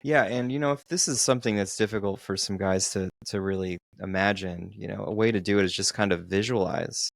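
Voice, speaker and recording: A man co-hosting a casual podcast, telling stories slowly and deliberately with frequent restarts. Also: on the low side, creaky, no echo, clean studio sound. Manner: slow, deliberate storytelling with restarts. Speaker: podcast co-host, dating coach.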